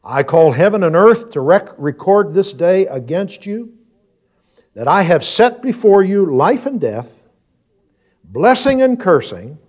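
A man preaching a sermon, moving from quiet, reflective explanation to loud, emphatic scripture reading and questions to his congregation. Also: sits high, sing-song, unhurried. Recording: dull lo-fi sound.

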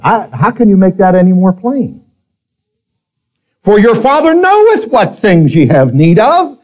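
A man preaching a sermon to a congregation, moving between quiet asides and emphatic exclamations. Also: dull audio. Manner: preaching, swings between soft asides and loud high exclamations. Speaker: pastor. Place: church with a congregation.

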